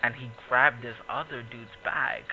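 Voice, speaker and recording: Brief: New man, podcast host, swears freely, animated anecdotes, middle pitch. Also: a little slow, gravelly, lo-fi sound, slight background noise. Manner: profane, animated storytelling with voiced quotes. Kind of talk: casual podcast chat.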